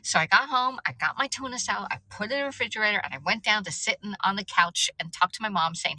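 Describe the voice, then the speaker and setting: Woman, middle-aged, casual live chat, laughs at herself, bright tone. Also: mid-range voice, quick pace, hardly any pauses, dry recording, poor audio. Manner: chatty, laughs at herself, stumbles over words. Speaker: livestream host.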